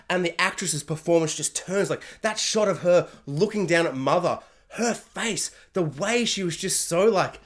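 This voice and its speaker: A woman reviewing a TV finale on her vlog, gushing and ranting with a lively, bouncing pitch. She slips into mock voices for the characters as she goes, always at middling height. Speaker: TV review vlogger. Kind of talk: excited spoiler review rant.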